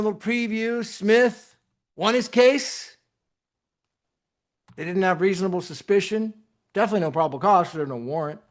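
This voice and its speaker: Animated man retelling a courtroom story. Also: a little high. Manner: animated, acts out quoted voices, many restarts. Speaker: host retelling a court case. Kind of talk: casual storytelling commentary.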